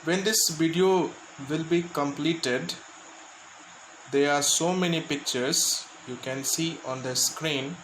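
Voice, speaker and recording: A male Indian teacher talks through a class lesson at a very unhurried pace, pausing to define words and repeat points. His voice sits a little high for a man. He is recorded in an echoey room with a faint hum of ambience behind him. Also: a bit bright. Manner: slow, explanatory, repeats and glosses words. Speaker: school teacher. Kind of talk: English lesson for students.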